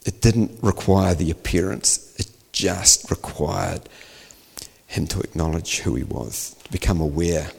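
Male preacher, low and husky, storytelling sermon with acted dialogue, long reverb. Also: unhurried, darkish tone. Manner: storytelling, acts out dialogue, rising to emphatic peaks.

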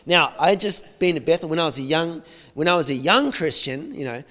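A male preacher tells a personal story in an animated sermon, dropping to near-whispers and then rising to loud exclamations. His voice carries the long reverb of a large hall. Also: fairly high pitch, a little fast.

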